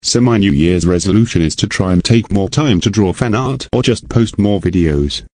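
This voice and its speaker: Low flat text-to-speech man. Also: normal speed, no room sound. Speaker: podcast co-host. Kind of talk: casual podcast chat.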